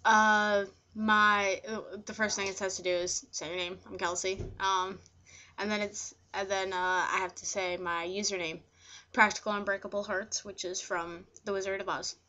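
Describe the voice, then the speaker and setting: A woman's voice: medium pitch, little pitch movement, normal speed, pushed and bright, lo-fi sound, slight background noise. Hesitant woman. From New Jersey. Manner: hesitant, with frequent fillers. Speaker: vlogger. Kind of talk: casual word-list reading.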